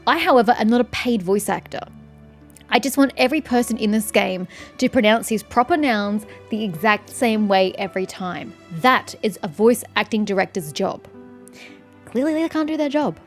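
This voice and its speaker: A woman's voice: on the high side, animated, moderate pace. A woman doing let's-play commentary, sarcastic and sweary, ranting about the game. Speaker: gaming streamer. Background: faint game music.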